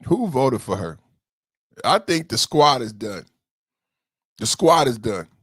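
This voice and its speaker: This podcast host's voice sits mid-pitch and fairly bright with a breathy edge, swinging widely in pitch as he speaks slowly. His livestream commentary is heated, emotional and full of swearing, and he repeats himself while talking straight to commenters. The sound is close-miked and dry, with no room in it.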